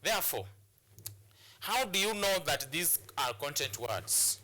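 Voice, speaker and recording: A man with a Kenyan English accent gives a classroom-style broadcast lesson. His voice sits a little high and rings very bright. He repeats key words and circles back on his phrases as he explains. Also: sing-song, unhurried. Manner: repetitive, restarts phrases, drills words aloud. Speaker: teacher. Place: studio or classroom for educational broadcast.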